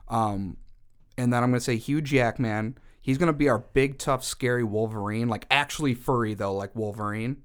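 A man in a casual brainstorming chat, talking animatedly and acting out quick character voices. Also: mid-range voice, clear, resonant tone.

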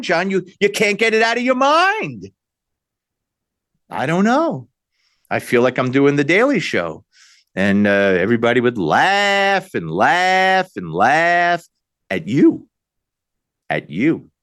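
A man's voice: a little high, fairly bright tone, dry recording, studio quality. A man hosting a talk radio show, delivering combative, sarcastic commentary full of rhetorical questions.

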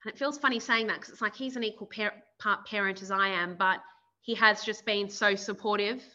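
A woman's voice: medium pitch, steady tone, brisk, pushed and bright. A woman in her thirties, a guest on a podcast, talking candidly and reflectively with fillers and restarts. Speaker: podcast guest, sales director. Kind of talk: candid podcast interview chat. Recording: dull, muffled audio.

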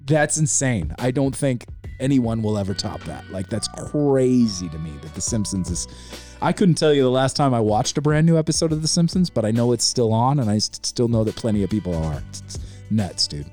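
A man's voice: mid-range voice, sing-song, fairly quick, mellow, faint music behind. A man in his forties hosting a podcast, chatting casually in a laid-back, rambling way, often calling the listener man or dude. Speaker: podcast host.

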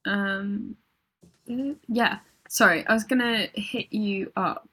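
Husky-voiced woman chatting about music. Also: mid-range voice, fairly even intonation, takes it slowly, pushed and bright. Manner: rambling, self-interrupting, laughs often. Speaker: podcast co-host. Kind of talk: casual chat about music.

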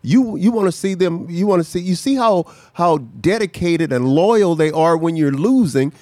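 A man's voice: high voice, moderate pace, warm tone, dry recording. A man who played the game, talking football in a heated, repetitive way. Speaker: former player, co-host. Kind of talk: casual sports talk.

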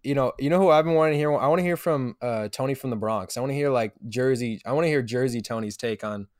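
A man's voice: medium pitch, fast talker, no echo, clean studio sound. Rambling, swearing podcast guy. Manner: rambling, profane, many fillers. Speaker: podcast co-host. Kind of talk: casual sports chat.

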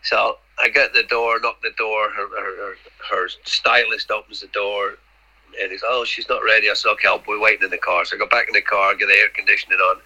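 A man's voice: fairly low pitch, flat delivery, a little fast, bright, forceful tone, breathy edge, poor audio. A middle-aged man, a podcast guest rambling through anecdotes, repeating words and acting out the dialogue. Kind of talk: casual anecdotal storytelling.

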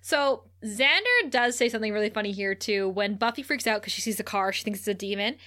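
A woman co-hosting a podcast, casually recapping a TV episode in an animated, giggly way. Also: medium pitch, fairly quick. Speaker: podcast co-host.

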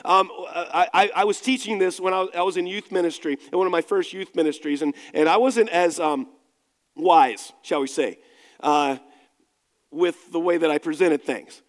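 A man's voice: high voice, normal speed, big-room sound. A male pastor preaching a sermon in a conversational, self-deprecating storytelling manner. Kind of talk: sermon with personal anecdote.

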